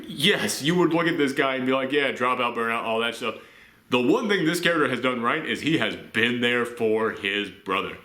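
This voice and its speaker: A man giving a casual spoken film review, chatty and full of "uh" fillers. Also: medium pitch. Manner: chatty, frequent "uh" fillers, lively asides. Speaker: movie reviewer. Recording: echoey room.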